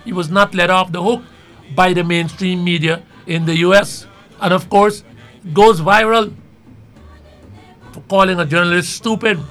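Bright-toned male commentator, measured. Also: sits high, fairly even intonation, faint music behind. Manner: measured, rambling, thinks aloud. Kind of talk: talk show commentary.

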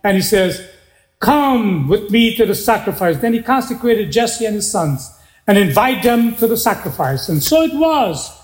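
A man delivers a sermon in a strikingly high voice, taking his time over each phrase. He tells the story with lively back-and-forth, acting out what the characters say. The sound rings around a roomy hall. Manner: animated storytelling, voicing biblical figures in dialogue. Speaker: preacher.

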